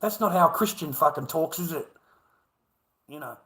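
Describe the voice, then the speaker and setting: A man's voice: on the high side, expressive, normal speed, pushed and bright, poor audio. A middle-aged man with an Australian accent, rambling through a profane livestream monologue and calling his viewers mate.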